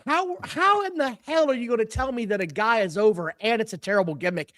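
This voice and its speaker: A man's voice: high-pitched, expressive, brisk, fairly bright tone, dry recording, clean studio sound. A man co-hosting a wrestling podcast, ranting with strong opinions in casual chat. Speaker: podcast co-host.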